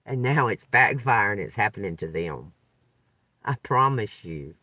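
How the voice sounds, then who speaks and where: A woman's voice: extremely low pitch, expressive, a little slow, bright, forceful tone. A woman ranting in a profane, agitated way, recorded a little away from the mic in a dry car. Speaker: tarot reader. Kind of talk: unscripted venting vlog.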